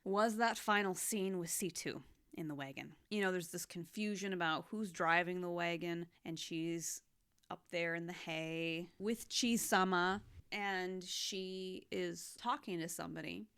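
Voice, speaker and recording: Young woman, lowish voice, chatty recap, heartfelt, swings soft to loud. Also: unhurried, clear, resonant tone. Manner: expressive, swinging between hushed and loud. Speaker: anime reaction vlogger. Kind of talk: casual recap chat.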